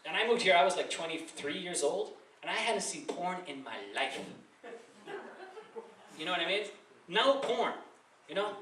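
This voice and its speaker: A man from Chile in his thirties performs stand-up in a comedy club, his slightly high voice bouncing all over the place. He rambles casually, swears freely and leans on "like" as a filler. The recording is taken from afar in an echoey room with heavy background noise. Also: animated, moderate pace, pauses often, distant mic. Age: 30s. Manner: jumps into loud high-pitched voices when acting out scenes. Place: comedy club with a live audience.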